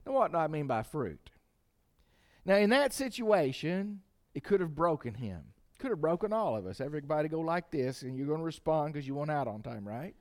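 High-voiced impassioned preacher man. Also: sing-song, moderate pace. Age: 50s. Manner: impassioned preaching, swings from quiet to shouting. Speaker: pastor. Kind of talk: sermon.

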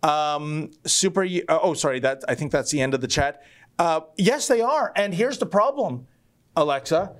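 A man's voice: a little high, lively intonation, normal speed, a bit bright. A man hosting a live stream, reading viewer chats aloud with wry jokes and theatrical emphasis. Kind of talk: casual live-stream talk.

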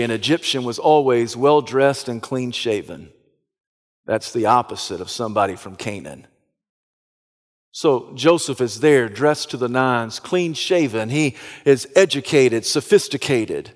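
A man with a Southern American accent from the Southeastern United States, preaching a sermon as an animated storyteller who bursts into loud, dramatic passages. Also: mid-range voice, big-room sound. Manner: animated, dramatic retelling with sudden loud outbursts. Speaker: pastor.

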